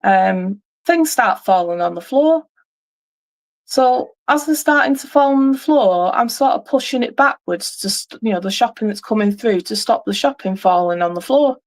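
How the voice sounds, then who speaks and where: Middle-aged woman, livestream host, rambling casual storyteller, mid-pitched voice. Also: lively intonation, moderate pace.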